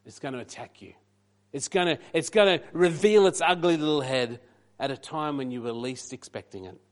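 A man preaching a sermon, animated and emphatic, rising loudly on key points and dropping to quiet asides. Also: fairly high pitch, normal speed. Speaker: pastor.

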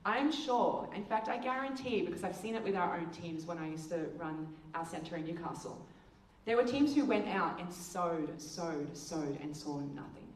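A woman's voice: on the low side, normal speed, hardly any pauses. Woman telling a story in an echoey hall. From Australia. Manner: lively storytelling, acting out quoted dialogue. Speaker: missions speaker. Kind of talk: presentation with slides. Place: hall with presentation slides. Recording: echoey room, distant mic, faint ambience.

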